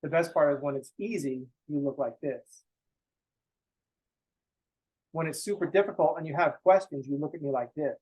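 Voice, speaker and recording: A man's voice: a little high, brisk, a little mellow, husky, poor audio. A young man teaching a college math class in a casual, blunt way, swearing freely and making joking asides to his students. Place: classroom, also streamed online.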